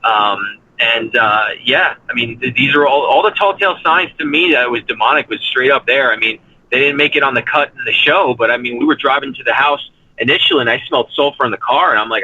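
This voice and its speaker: A husky, bright-toned man speaking as a paranormal investigator guest. He talks earnestly and rambles, restarting sentences and leaning on fillers. The audio is dull and lo-fi, like a remote call. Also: mid-range voice, fairly quick. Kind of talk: casual interview talk.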